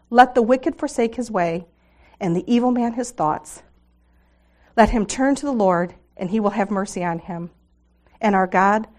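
A middle-aged woman speaking to a women's gathering, reading scripture aloud in an earnest devotional manner. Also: mid-range voice. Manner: earnest, reads scripture aloud, laughs with audience.

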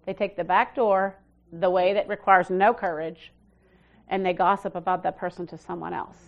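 A middle-aged woman pastor preaching a conversational sermon, swinging from emphatic declarations to soft, low asides, with frequent restarts. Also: steady tone, normal speed, vocal fry, dull audio.

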